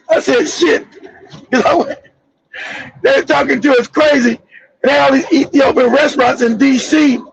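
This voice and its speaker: Stream host, man from Los Angeles, very high gravelly voice, profane blunt delivery, slightly dull lo-fi audio. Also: slight background noise. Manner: profane, blunt storytelling with laughs. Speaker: channel host. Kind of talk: live-stream monologue.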